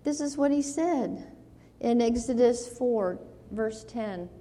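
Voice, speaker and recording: Woman giving a sermon, kinda high voice, slow and earnest, lots of hall echo. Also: animated, dark tone. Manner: slow earnest preaching, rising to pleading in quoted scripture. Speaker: preacher. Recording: long hall reverb.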